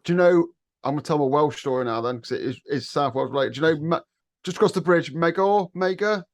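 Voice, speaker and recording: A cheeky English man with a fairly high voice spins a joking yarn on a podcast. He ribs the guest and laughs at his own story. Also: fast talker. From England. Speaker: podcast co-host.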